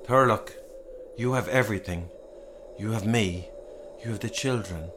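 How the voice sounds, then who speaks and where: A man voicing a weary wife and mother in a soft, subdued, pleading way over background music. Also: lowish voice, a little slow, noisy background, natural voice.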